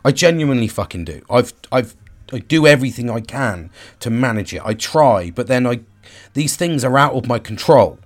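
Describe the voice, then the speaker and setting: A man's voice: medium pitch, lively intonation, normal speed. A man in his forties speaking frankly about his own struggles, swearing freely, restarting sentences and searching for words. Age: 40s. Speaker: vlogger. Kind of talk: candid personal monologue.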